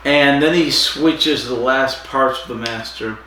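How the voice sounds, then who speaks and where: A man co-hosting a podcast, recapping a plot in a slow, halting way with lots of fillers. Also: medium pitch, pushed and bright, a little hiss or hum. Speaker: podcast co-host. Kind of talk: casual chat recapping an episode. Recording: echoey distant room mic.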